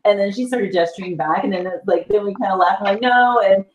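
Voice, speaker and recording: A woman from the South, a guest telling an animated story in a casual chat and laughing often. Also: mid-range voice, fairly quick, highs cut off. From US South, Panhandle area. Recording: echoey room.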